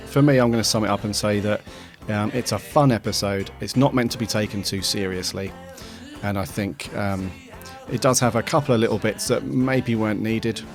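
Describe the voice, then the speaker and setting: A man hosting a podcast he started, talking in an easygoing, rambling way with many ums as he thanks listeners. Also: fairly low pitch. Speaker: podcast host and founder. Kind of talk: casual chat.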